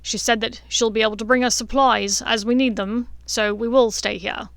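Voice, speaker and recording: A woman's voice: on the high side, fairly even intonation, moderate pace, fairly bright tone, no room sound. A woman voicing a kindly middle-aged wizard father with a thick brogue accent, fatherly and emphatic.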